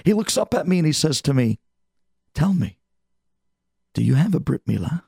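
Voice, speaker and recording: A man voicing a frail, devout old man, very raspy. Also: a little high, sing-song, normal speed, a little mellow, no room sound, studio quality, voice pushed up, heavily acted. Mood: earnest. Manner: heartfelt, emotional storytelling. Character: elderly male immigrant, frail and devout.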